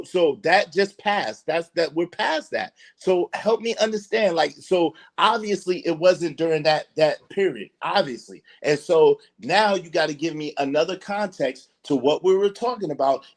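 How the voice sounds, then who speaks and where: A man hosting a live-stream panel, arguing hard, repeating himself and hurling insults, his voice climbing and getting loud as he rants. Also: fairly high pitch. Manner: ranting, insulting, repetitive; voice rises and turns loud when angry. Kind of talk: heated live-stream argument.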